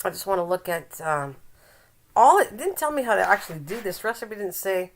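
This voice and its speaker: An older woman chats casually on a home live stream. She teases her viewers and laughs a lot, in a middle-pitched voice. When she reads aloud, she slows down and stumbles over words. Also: big pitch swings. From Canada. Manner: chatty and teasing, laughs often, reads aloud haltingly.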